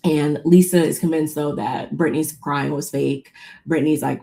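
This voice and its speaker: Woman gossiping about a tv episode, lowish mellow voice, lots of y'all. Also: normal speed, vocal fry, a little hiss or hum. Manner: chatty, animated retelling with quoted voices and "y'all". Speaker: podcast co-host recapping a reality show. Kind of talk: casual chat.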